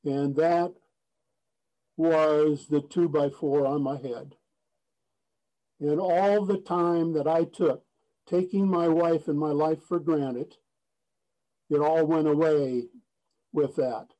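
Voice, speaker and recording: On dull audio, a man with a mellow, high-leaning voice speaks in a steady tone at a slow pace, pausing often. He gives earnest personal testimony at a recovery meeting, speaking plainly with frequent restarts and a folksy joke.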